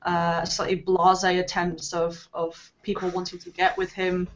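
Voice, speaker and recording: A woman's voice: lowish voice, completely flat delivery, a little slow, muffled recording, a little hiss or hum. A woman chatting as a player in a tabletop game, thinking aloud with fillers. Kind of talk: tabletop role-play chat.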